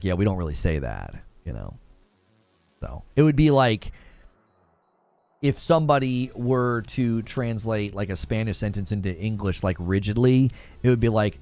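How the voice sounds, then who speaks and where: A man's voice: lowish voice, dark tone. A man chatting casually on a gaming live stream, rambling and correcting himself as he talks. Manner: rambling, self-correcting, laughs often.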